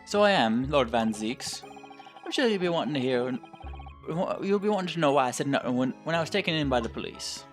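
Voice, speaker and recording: A man voicing a nervous male witness with a put-on Scottish accent, halting and repeating his words, with rustic old-fashioned phrasing. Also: fairly high pitch, big pitch swings, soft background music. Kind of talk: game voice-acting playthrough.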